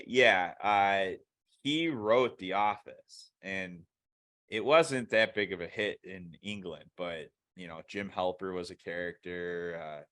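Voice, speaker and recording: A man's voice: deep voice, slow pace, a bit bright. A man co-hosting a casual podcast, rambling and swearing as he retells TV scenes. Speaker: podcast co-host. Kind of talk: casual chat.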